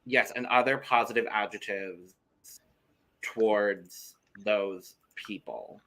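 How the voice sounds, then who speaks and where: A man's voice: fairly low pitch, slow, background noise. A young man co-hosting a podcast in casual chat, talking loosely, with some swearing and repeated words. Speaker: podcast co-host.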